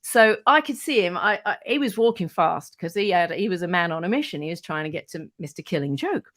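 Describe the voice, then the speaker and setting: A middle-aged woman, a radio presenter telling casual anecdotes as a podcast guest, animated and freely swearing. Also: lowish voice, a little fast. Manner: animated, acts out quoted voices, swears freely.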